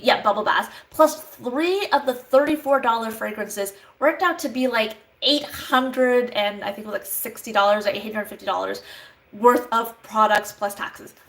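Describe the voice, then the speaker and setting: A woman in her thirties from Canada, telling a story to camera in a chatty, animated way and acting out both sides of phone calls. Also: fairly high pitch, poor audio. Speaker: vlogger, Avon sales representative.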